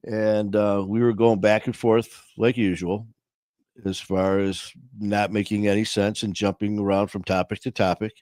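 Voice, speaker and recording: A man with a lowish, darkish voice hosts a casual livestream chat, rambling with lots of fillers and cracking corny jokes. The sound is clean studio audio with no room sound.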